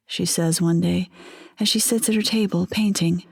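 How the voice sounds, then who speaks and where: A woman narrating a first-person story in a quiet, measured, intimate way. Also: fairly low pitch, fairly even intonation, gravelly, husky.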